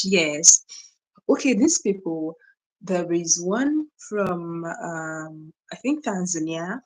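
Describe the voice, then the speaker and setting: On poor audio, a young Nigerian woman runs a casual live stream in a fairly low voice, speaking a little slowly. She reads her viewers' comments, greets them by name, and often adds "right?" and "you know".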